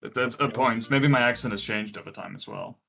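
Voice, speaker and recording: A man's voice: medium pitch, fairly quick, vocal fry, bright, forceful tone, faint music behind. A young man from England with a light British accent, chatting easily as a guest on a stream. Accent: light British English. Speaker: guest speedrunner. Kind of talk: casual chat.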